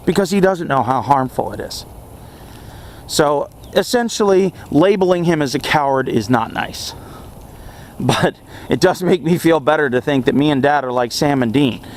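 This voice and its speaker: High-voiced young man giving earnest advice. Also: moderate pace, a little hiss or hum. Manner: earnest and animated, with frequent chuckles. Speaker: vlogger. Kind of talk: casual self-help monologue.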